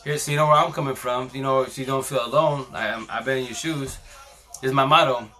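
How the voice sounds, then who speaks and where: A man's voice: medium pitch, fairly even intonation, quick pace, sharp tone. A man hosting a casual live stream on his phone, talking in a rambling, slangy way and swearing freely.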